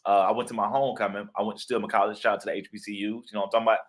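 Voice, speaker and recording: This guest author and actor, a young man, speaks in a fairly low, flat voice with little pitch movement, racing along. In a relaxed interview he spins playful tales, performing the quoted voices of their characters.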